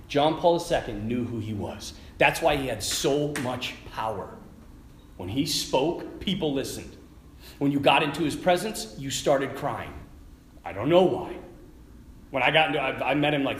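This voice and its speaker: Lively man preaching in an echoey hall. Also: medium pitch, unhurried, slight background noise. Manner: animated storytelling with asides to the audience. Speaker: Catholic speaker. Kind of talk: lively faith talk to a live audience. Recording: echoey hall with faint ambience.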